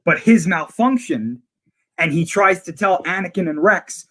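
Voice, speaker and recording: A man's voice: high-pitched, measured pace, sharp tone. A man in casual conversation, eagerly retelling scenes from a series in detail. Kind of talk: casual chat.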